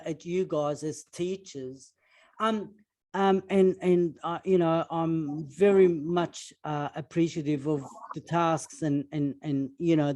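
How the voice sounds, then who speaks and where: This is a male radio host whose first language is Arabic, interviewing a guest over a video call. He talks in a halting way, restarting phrases and leaning on fillers as he feels his way toward a point. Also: a little high, warm tone. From Egypt.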